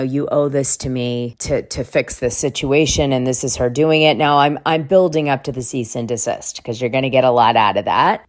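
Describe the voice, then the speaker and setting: A woman's voice: rumbling low, a little mellow. A woman hosting a gossip channel, chatting casually and speculating. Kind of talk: casual commentary.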